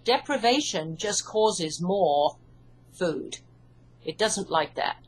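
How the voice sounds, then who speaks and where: A woman with an English accent, an author and hypnotherapist, calmly explaining her ideas in an interview. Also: on the low side, slow, slightly rough, low-quality recording. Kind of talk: interview answers.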